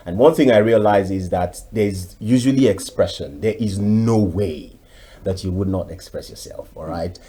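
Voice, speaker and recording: A man's voice: deep voice, normal speed. A Nigerian man, a voiceover artist, talking expressively as a guest on a TV interview. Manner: expressive, chatty, with frequent fillers. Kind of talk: TV interview talk.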